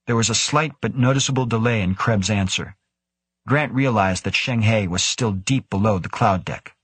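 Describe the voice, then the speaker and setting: A man narrating an audiobook in a steady, measured storytelling manner. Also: on the low side, breathy edge, dry recording. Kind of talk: scripted narration.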